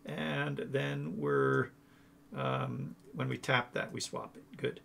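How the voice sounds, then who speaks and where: A man's voice: mid-range voice, fairly even intonation, slow, gravelly, fairly bright tone. A man casually walking through code on a screen share, chatty and thinking aloud as he corrects himself. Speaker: coding tutorial host.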